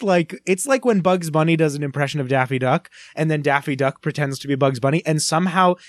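A man co-hosting a film podcast in casual, animated and playful chat. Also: fairly high pitch, dry recording, studio quality. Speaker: podcast co-host.

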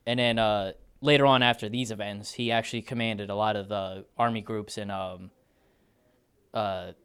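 A man's voice: on the low side, steady tone, moderate pace, fairly bright tone, smooth. A man co-hosting a podcast, retelling history casually with lots of fillers and laughter. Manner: loose storytelling, laughs often, many fillers. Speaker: podcast co-host. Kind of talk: casual chat.

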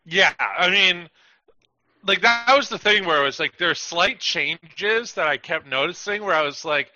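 A man chatting on a podcast, his voice very bright and forceful. He rambles, leans on "like" constantly, and acts out quotes as he goes. The recording is dry and slightly dull. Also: on the high side, animated, moderate pace, no echo. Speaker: podcast co-host. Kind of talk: casual podcast chat.

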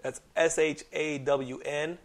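A man in his thirties hosting a podcast, telling stories in casual chat with lots of swearing and animated outbursts. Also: a little high, slow pace. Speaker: podcast host.

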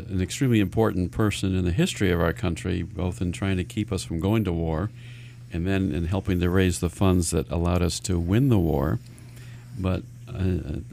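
A man with a low, gravelly voice hosts a radio talk show as a financial advisor. He explains things earnestly, restarting his sentences often as he goes. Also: darkish tone, a little hiss or hum.

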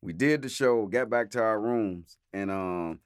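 A man's voice: on the low side, unhurried, clear, resonant tone, dry recording, studio quality. A man casually telling road stories, acting out voices and laughing often. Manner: animated, acts out voices in anecdotes, laughs often. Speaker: storyteller guest. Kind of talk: casual storytelling chat.

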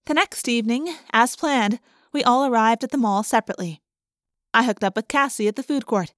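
Brisk, expressive woman narrating an audiobook. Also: fairly high pitch, dry recording, clean studio sound. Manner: lively and expressive, quick in excited passages. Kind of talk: first-person audiobook narration.

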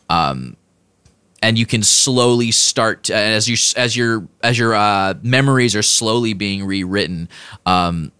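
Low-voiced male game master. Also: unhurried, sharp tone, smooth, dry recording. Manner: rambling, many fillers and restarts. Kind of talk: narrating a tabletop game.

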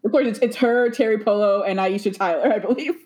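A woman's voice: medium pitch, fast, a little mellow. A young woman chatting casually, with a wry, mock-dramatic way of talking. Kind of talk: casual chat.

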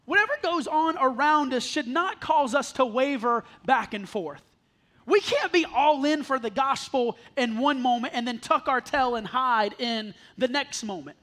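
A man's voice: extremely high pitch, moderate pace, pushed and bright. A man who is a pastor preaching a sermon to a congregation, earnest, often repeating words as he restarts. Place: church service before a congregation.

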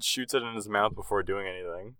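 Bright-voiced joking young man. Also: lowish voice, clear, resonant tone, no echo. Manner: quick jokey interjections. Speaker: podcast co-host. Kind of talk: casual podcast banter.

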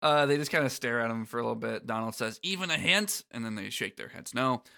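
Bright, lively male co-host. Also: mid-range voice, fast, vocal fry. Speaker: podcast co-host. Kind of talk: comedic script read-through.

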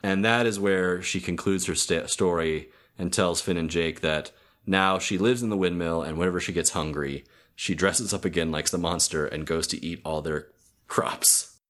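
A man casually retelling a cartoon episode on a podcast, halting with many restarts and fillers. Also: sits low, fairly even intonation, a bit bright. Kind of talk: casual chat.

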